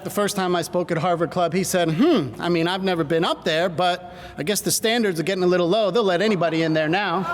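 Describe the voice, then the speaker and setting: A middle-aged man, a doctor, giving an energetic seminar talk to a live audience and drawing them into call-and-response. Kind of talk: stage presentation to a live audience. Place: large hall with audience. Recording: hall reverb, faint rumble.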